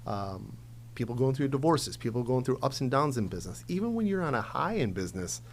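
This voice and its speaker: A man in his forties speaks as a podcast guest, candid and emphatic. His voice sits at an everyday middle pitch, and he talks plainly in loose conversational sentences with the odd "um". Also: very animated, brisk, a little hiss or hum. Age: 40s. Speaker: entrepreneur guest. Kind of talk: casual interview conversation.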